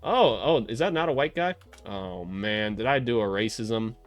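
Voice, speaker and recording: A young man breaking down basketball film in casual, profane, excitable commentary, joking and shouting at big plays. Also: on the low side, normal speed, dull audio.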